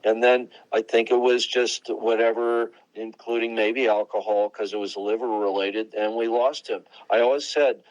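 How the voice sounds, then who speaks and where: An older man from Long Island, a rock guitarist, giving a guest interview in a digressive, halting way with many restarts. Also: on the low side, fairly even intonation, no echo, highs cut off. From Long Island, New York. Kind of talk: rambling interview talk.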